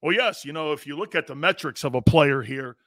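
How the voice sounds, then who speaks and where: A man hosting a sports talk show, talking loudly and brashly and often breaking into shouts. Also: on the high side, fairly quick, no echo, clean studio sound. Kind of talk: ranting sports talk monologue.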